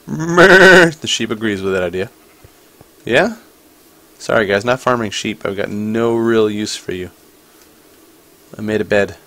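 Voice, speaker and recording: A gaming channel host gives casual let's-play commentary, chatting playfully and talking to the creatures on screen. His voice is medium in pitch with a slightly bright quality.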